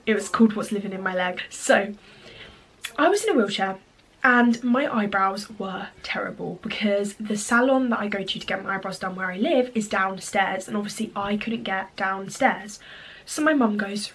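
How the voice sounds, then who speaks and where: A woman's voice: medium pitch, normal speed, a bit bright, slight background noise. A young woman with a cold, telling a story to the camera in a casual vlog with lots of chatty fillers. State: has a cold. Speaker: vlogger.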